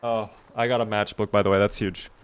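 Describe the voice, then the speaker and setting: A man's voice: on the low side, flat delivery, brisk, clear, resonant tone. A tired young man streaming a survival game, chatting casually and thanking viewers by name. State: tired, yawning. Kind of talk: casual live-stream commentary.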